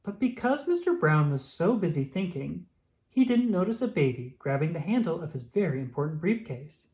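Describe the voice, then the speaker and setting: A woman reading a children's picture book aloud, expressive and slow. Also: deep voice. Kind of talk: storybook read-aloud.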